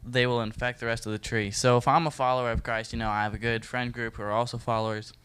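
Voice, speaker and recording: A man leading a Bible study for a group, reading verses and explaining them in a relaxed, joking way, talking straight to his listeners. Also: mid-range voice, fast talker, clear, resonant tone. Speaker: youth Bible study leader. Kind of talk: casual Bible teaching talk.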